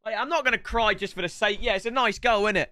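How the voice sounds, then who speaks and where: A young man giving excitable gameplay commentary as a streamer, trash-talking his opponent and shouting at big moments. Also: high-pitched, quick pace, no room sound, clean studio sound.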